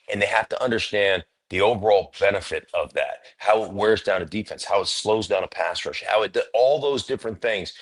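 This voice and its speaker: A man's voice: low-pitched, fairly bright tone. A middle-aged former football player as a guest, talking in an emphatic, opinionated way and acting out quoted conversations in his stories. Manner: emphatic, opinionated storyteller who acts out quotes. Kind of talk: casual interview talk.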